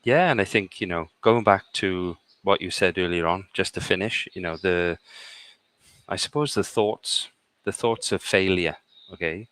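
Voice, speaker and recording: A middle-aged British man with a very low, deep voice is a guest in a live online conversation, telling stories conversationally and checking in with his listener by punctuating points with "okay?". He speaks at normal speed with a slightly bright tone, and the recording is dry and close with almost no room around it.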